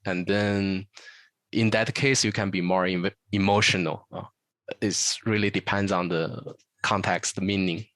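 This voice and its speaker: A man from northern China with a Chinese accent, a Mandarin teacher explaining language points in a casual interview, pausing often with "uh" fillers. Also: low voice, steady tone, fairly bright tone, no room sound. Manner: hesitant, many "uh" fillers, models Mandarin phrases.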